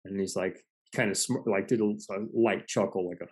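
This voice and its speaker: A man's voice: deep voice, normal speed, darkish tone, breathy edge. A man in his forties hosting a podcast, telling stories earnestly and casually, with some swearing. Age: 40s. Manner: earnest storyteller, profane. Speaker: podcast host. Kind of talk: casual conversation.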